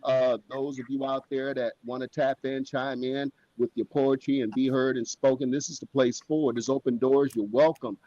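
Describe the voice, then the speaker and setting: A man's voice: mid-range voice, flat delivery, normal speed, few pauses, mellow, dry recording, highs cut off. A man, a poet guest on a live-streamed show, talking in an encouraging, preacher-like way over a video call. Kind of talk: casual live-stream chat.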